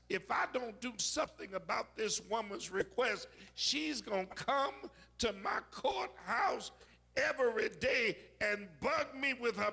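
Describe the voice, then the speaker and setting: A man preaching a sermon, telling stories with dramatic shouted peaks. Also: very high-pitched, creaky, slightly rough.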